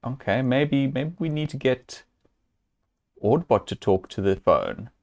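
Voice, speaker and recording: Lively man thinking aloud over a game. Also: mid-range voice, unhurried. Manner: chatty, thinks aloud, amused chuckles. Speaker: streamer playing a point-and-click game. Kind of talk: casual let's-play commentary.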